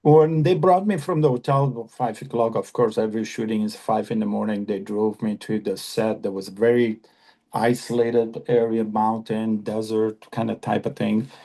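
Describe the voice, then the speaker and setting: A man from Afghanistan in his fifties speaks as a podcast guest, earnest and halting, often restarting and repeating himself. His voice is low in brightness and gravelly, with a husky edge. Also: steady tone. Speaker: actor guest. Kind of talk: podcast interview.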